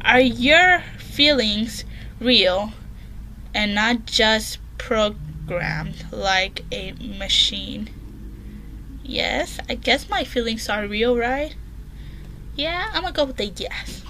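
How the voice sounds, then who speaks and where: A woman's voice: on the high side, slow pace, bright, forceful tone, a little hiss or hum. A woman in her bedroom giving casual horror game commentary, reading questions aloud and answering them in a jumpy, chatty way. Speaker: gaming channel host.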